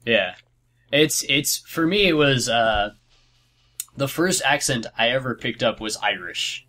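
A young man co-hosting a game playthrough, telling stories in a chatty, animated way with lots of fillers. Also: medium pitch, a little slow. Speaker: let's play co-host. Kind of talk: casual gameplay chat.

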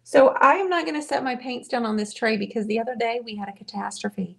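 A woman's voice: a little high, quick pace, vocal fry. A woman in her forties hosting a live painting show, chatting and telling stories as she paints. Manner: chatty, storytelling, laughing often. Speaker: painting livestream host. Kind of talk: casual chat while painting.

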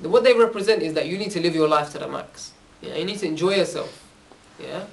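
A man with a slightly high, creaky voice and a fast delivery gives young people an informal religious talk. He recounts stories in a relaxed, conversational style, following nearly every phrase with a questioning "yeah?", and is recorded far from the mic.

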